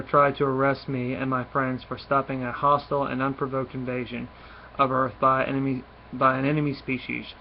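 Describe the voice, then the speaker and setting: A man's voice: mid-range voice, slight background noise, close to an everyday voice. A man reading as a brash space prince. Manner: cocky public speech. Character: brash young male space outlaw prince. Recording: dull lo-fi recording.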